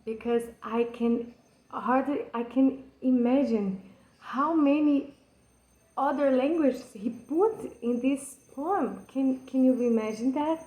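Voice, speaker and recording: Speaking slowly in a high-pitched voice with a dark tone, a Brazilian channel host explains a poem in accented English, which is her second language, with a Brazilian Portuguese accent. She's earnest and passionate, though hesitant, with lots of fillers and restarts, and the rough recording has an echoey room sound.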